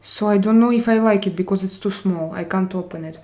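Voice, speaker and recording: A woman from Russia with a mellow, mid-range voice hosts an easygoing live-stream chat. She calls out viewers by name while alternating English, Spanish and French, speaking slowly with elongated phrases.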